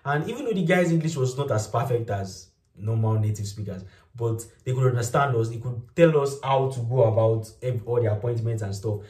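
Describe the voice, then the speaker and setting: A young man with a Nigerian accent chats about daily life, animated and quick to laugh. His voice sits in the middle range and sounds a little distant from the mic. The room around him is echoey. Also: medium pitch. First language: Yoruba. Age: young adult. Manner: animated storytelling, laughs often. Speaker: vlog host. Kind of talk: casual chat.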